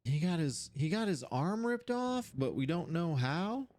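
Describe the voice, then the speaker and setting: An animated streamer, thinking aloud while playing a game, voice jumping up high when surprised. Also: unhurried, slight background noise. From Seattle area, USA. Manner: animated, puzzling things out, sudden jumps to high pitch.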